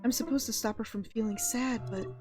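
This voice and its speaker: A woman voicing a gentle, loyal ghost sheep in a high, cooing, earnest voice as she reads game dialogue aloud. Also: brisk, natural voice. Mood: tender. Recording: game music underneath.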